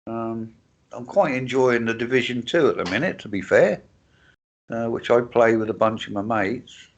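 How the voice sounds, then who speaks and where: A man's voice: mid-range voice, normal speed, dull audio. A man co-hosting a live stream, chatting in a laid-back way with casual swearing and hesitant starts. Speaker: co-host of a live stream chat show.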